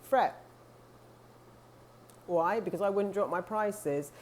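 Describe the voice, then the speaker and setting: A woman spiritual coach speaks to her viewers in a casual, earnest way, full of restarts and asides. Her voice is mellow and relaxed, sitting in the middle of the range for a woman. A faint hum runs behind her. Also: medium pitch, a little fast. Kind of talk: casual talk to camera.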